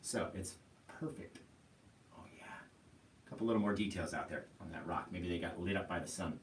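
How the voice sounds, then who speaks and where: A man's voice: low voice, brisk, a little hiss or hum. A man hosting a live painting tutorial, chatting easily and explaining each step as he works. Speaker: painting instructor and show host. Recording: roomy sound from a distance.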